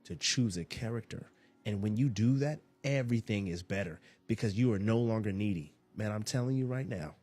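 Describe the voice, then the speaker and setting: A man's voice: on the low side, lively intonation, fairly quick, a little mellow. A man hosting a podcast, giving a casual motivational monologue in a laid-back, rambling way, often repeating and restarting his phrases. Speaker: podcast host.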